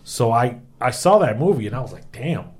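A man's voice: medium pitch, big pitch swings, a little fast. A man in casual podcast chat, laid-back and swearing casually as he recalls things. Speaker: podcast guest.

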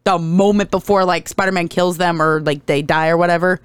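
A woman co-hosting a casual podcast, retelling a movie plot in an animated way and briefly mimicking characters. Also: fairly quick, smooth, dry recording. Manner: animated storyteller, briefly mimics characters with big pitch jumps. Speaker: podcast co-host. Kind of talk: casual chat recapping a movie.

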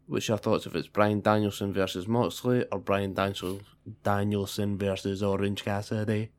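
Man, podcast co-host, casual profane banter, lowish voice. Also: level tone, normal speed.

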